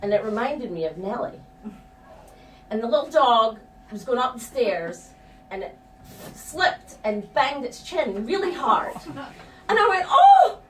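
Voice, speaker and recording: Middle-aged woman, live storytelling, frank and profane, higher voice, echoey room from a distance. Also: animated, slow, pauses often, fairly bright tone, a little hiss or hum. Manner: frank, profane, laughing at herself. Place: stage before a live audience. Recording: echoey room, distant mic, faint ambience.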